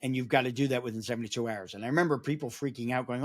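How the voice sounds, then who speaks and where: A man guesting on a podcast interview with a voice of ordinary middle pitch. He talks through his points at length, telling them like a story in a relaxed, conversational way. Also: racing. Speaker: podcast guest, security awareness advocate.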